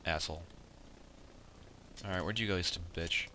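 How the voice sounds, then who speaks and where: A man's voice: low voice, normal speed, long pauses, bright, forceful tone, a little hiss or hum. A young man giving casual let's play commentary, swearing often and muttering at the game in frustration.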